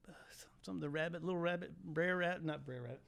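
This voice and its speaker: A gravelly, slightly high voice belongs to a man in his sixties from the United States. He is a guest on a chat show, telling stories in a lively way and laughing often. His talk is loose and friendly. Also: fast talker. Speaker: guest, former high school teacher. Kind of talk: casual storytelling chat.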